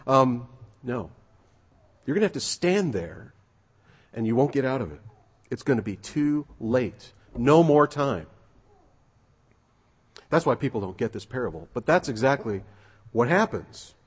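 A man preaching a sermon, emphatic and conversational, with a slightly husky voice. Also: medium pitch, big pitch swings, a little slow, long pauses. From United States. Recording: long reverb of a large hall.

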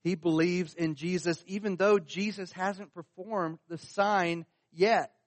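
Earnest and insistent, a male pastor lifts his voice to stress scripture quotes during his sermon. His voice is high-pitched with fairly even intonation, he speaks slowly, and the recording is dry.

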